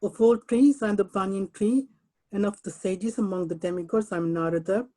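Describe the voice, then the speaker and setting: A woman reads scripture translations aloud to a group over a computer call. Her voice is warm and mellow, her delivery measured and careful, and she sometimes trips over long names. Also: mid-range voice, low-quality recording. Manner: slow, careful reading with stumbles and apologies. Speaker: reader of English translation. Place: someone else's home, on an unfamiliar computer.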